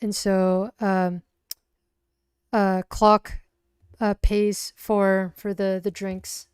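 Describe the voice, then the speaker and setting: A woman narrating her solo tabletop role-playing game on a livestream, halting with many restarts. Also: mid-range voice, little pitch movement, darkish tone, smooth, no room sound, studio quality.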